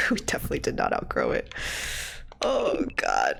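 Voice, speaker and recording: A woman's voice: extremely low pitch, huge pitch swings, normal speed, vocal fry, long pauses, music in the background. A woman streamer giving casual, emotional gameplay commentary, gushing and laughing often. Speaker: let's play streamer.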